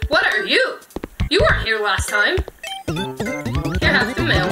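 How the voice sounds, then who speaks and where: Young woman host, high lively voice, playful let's-play chatter over game music. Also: unhurried, pauses often, poor audio. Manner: giggly, playful, talks to game characters. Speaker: gaming video host. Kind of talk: casual let's-play commentary. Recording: music playing behind the voice.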